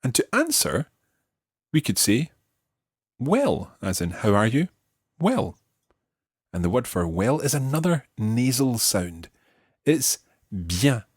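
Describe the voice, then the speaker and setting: A man teaching a beginner language lesson on a podcast, patient and clear as he models words for learners to repeat. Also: medium pitch, sing-song, slow, long pauses, no echo, studio quality.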